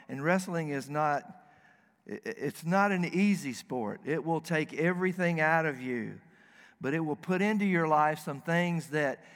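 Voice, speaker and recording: A man's voice: on the high side, fairly bright tone. Folksy preacher man, echoing hall. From Southern United States. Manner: folksy storytelling, earnest. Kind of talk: sermon. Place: church sanctuary.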